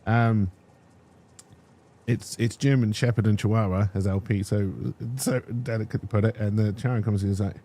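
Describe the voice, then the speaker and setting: A young man telling a casual personal story as a streamer, animated and restarting his sentences, checking in with "right?". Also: fairly low pitch, fairly quick.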